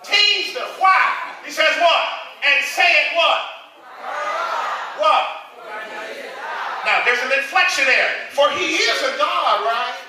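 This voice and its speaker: A man preaching a sermon as pastor, calling out questions for the congregation to answer and shouting at the peaks. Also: extremely high pitch, lively intonation, slow pace, pauses often. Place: large church hall with congregation. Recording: echoey hall from far off, crowd noise.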